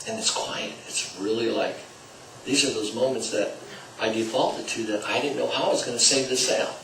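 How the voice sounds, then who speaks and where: A man's voice: mid-range voice, normal speed, creaky, a bit bright, a little hiss or hum. A man teaching salespeople through a story, acting out the dialogue with swings in volume. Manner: acts out dialogue with shifting volume. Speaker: sales trainer. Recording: roomy, distant mic, faint ambience.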